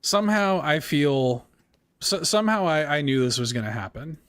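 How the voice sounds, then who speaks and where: A man hosting a casual gaming podcast, chatty and quick to laugh, reading off a list of supporter names. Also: a little high, a bit bright, no room sound. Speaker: podcast host. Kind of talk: casual chat.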